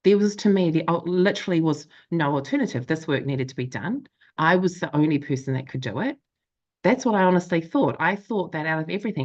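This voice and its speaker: A low-pitched woman in her thirties recounts her own story in a candid, reflective way. She slips into quoted inner voices and fills her talk with ums. The audio is a little dull and lo-fi. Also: animated, a little fast, darkish tone. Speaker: life coach and show host. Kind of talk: candid personal storytelling to an audience.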